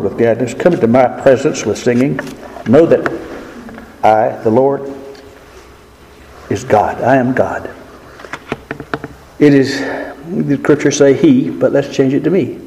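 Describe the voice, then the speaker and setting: Earnest preacher in an echoey hall. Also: male voice, mid-range voice, mellow. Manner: earnest, emphatic, with slow drawn-out stresses. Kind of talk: sermon. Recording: echoey hall with faint noise.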